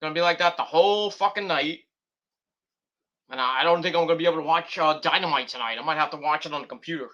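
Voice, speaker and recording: A wrestling review vlogger with a fairly high voice talks quickly in a fairly bright tone, and the audio sounds dull. His commentary is casual and rambling, full of swearing, and he keeps drifting off on tangents.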